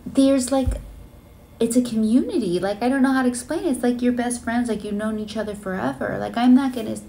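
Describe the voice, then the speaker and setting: Earnest woman vlogger, gravelly edge. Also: fairly high pitch, fairly quick, mellow. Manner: earnest and emotional, many fillers. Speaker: flight attendant vlogger. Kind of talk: casual storytelling vlog. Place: hotel room on a layover.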